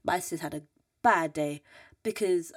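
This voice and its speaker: A young woman, hosting a podcast and telling stories in a casual, animated way, acting out the people she meets and laughing often. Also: deep voice, measured pace, slightly rough, no room sound. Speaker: podcast host. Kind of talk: casual storytelling chat. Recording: dry, slightly distant mic.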